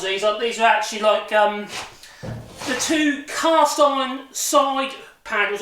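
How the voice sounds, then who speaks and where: A man's voice: high voice, a bit bright, far from the mic. Man, casual workshop vlog, chatty, self-correcting, echoey room, noisy background. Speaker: hobby woodworker showing a machine. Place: home workshop.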